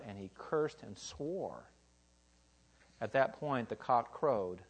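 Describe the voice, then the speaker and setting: A male preacher delivering a sermon in a storytelling way. He lifts his voice for quoted lines and bold moments, then sinks low and quiet for the somber parts. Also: expressive, slow.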